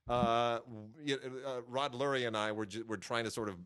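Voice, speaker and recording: A middle-aged man, a film critic, co-hosting a podcast and telling lively anecdotes in casual chat. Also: medium pitch, moderate pace, clean tone. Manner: lively anecdotal storytelling with laughs and mimicry.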